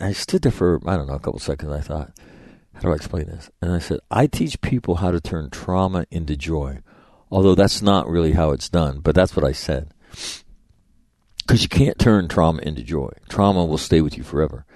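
A man's voice: low voice, a little mellow, no room sound, studio quality. A middle-aged man hosting a show, telling stories in a blunt, profane, rambling way with many restarts. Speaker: podcast host and public speaker. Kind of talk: casual storytelling monologue.

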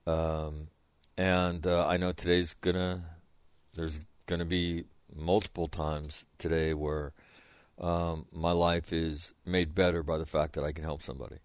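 A man's voice: low-pitched, little pitch movement, measured pace, clean tone, dry recording. A middle-aged man telling a casual story as a host, rambling with many fillers and restarts. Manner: rambling, lots of fillers and restarts, laughs at own stories. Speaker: podcast host.

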